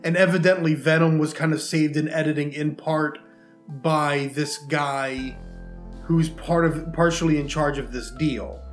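A man's voice: on the high side, steady tone, measured pace. A man co-hosting a podcast in casual, rambling chat, with many fillers. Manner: rambling, chatty, lots of fillers. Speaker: podcast co-host. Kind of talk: casual chat about movies and games. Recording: echoey room with faint music.

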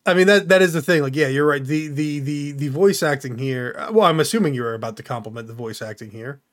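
A man hosting a podcast in casual chat, rambling and animated, laughing easily. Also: fairly high pitch, fast. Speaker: podcast host.

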